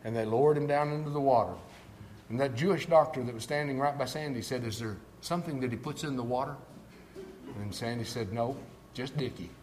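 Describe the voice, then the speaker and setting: With a little hiss or hum in the recording, an older preacher speaks in a mid-range voice. His sermon alternates between hushed storytelling and forceful, emphatic declarations.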